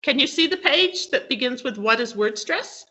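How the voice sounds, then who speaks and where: A woman with a high, expressive, sharp voice teaches word stress as a guest on a video call, speaking at a moderate pace over dull, lo-fi audio with a little hiss or hum. In this online English pronunciation lesson she explains patiently, step by step, often asking her students "okay?"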